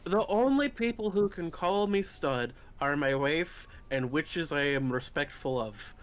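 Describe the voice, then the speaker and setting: A man's voice: fairly high pitch, animated, unhurried. A man playing a tabletop game, talking in character in a self-deprecating way and laughing often. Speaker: player. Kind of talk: in-character table-top play.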